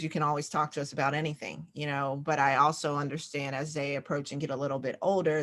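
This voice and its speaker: A young adult woman hosting an interview, sharing her own story in a reflective, open way. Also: low voice. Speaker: host. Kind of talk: conversational interview.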